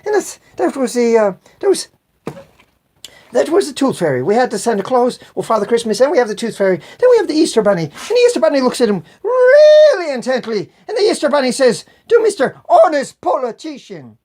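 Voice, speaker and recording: A woman's voice: high-pitched, wildly swooping pitch, brisk, warm tone. A woman vlogger telling a long joke, rambling and correcting herself as she goes. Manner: rambling, self-correcting storytelling.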